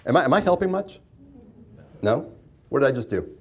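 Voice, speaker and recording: Leading a mediation class, the instructor keeps things conversational, asking questions and reflecting the answers back to the room in an interactive lecture. His mid-range male voice is very animated and fairly quick, with a breathy edge.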